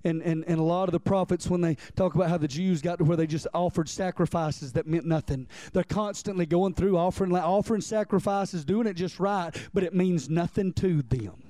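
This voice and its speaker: A pastor delivering a sermon in a high, mellow voice. He preaches in a conversational way, repeating key lines and checking in with the congregation. The sound is dry and close. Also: a little fast, hardly any pauses, dry recording.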